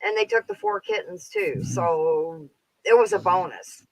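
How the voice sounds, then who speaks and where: A man's voice: high-pitched, wildly swooping pitch, measured pace, vocal fry, no room sound, poor audio. Man, 50s, Canadian accent, rambling casual caller, dry close sound. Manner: rambling, lots of "like" and "um" fillers. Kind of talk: casual chat.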